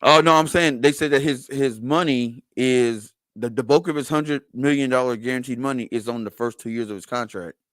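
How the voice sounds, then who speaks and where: A man's voice: mid-range voice, moderate pace, few pauses, no room sound, low-quality recording. A man co-hosting a podcast over a remote call, rambling and swearing in a casual sports chat. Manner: animated, rambling, profane. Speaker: podcast co-host.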